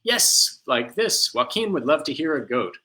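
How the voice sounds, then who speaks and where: A man's voice: fairly high pitch, sing-song, measured pace. A man teaching a live music class for small children from home, singing songs and making animal sounds with a ukulele. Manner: gentle, sings songs and makes animal sounds for young children.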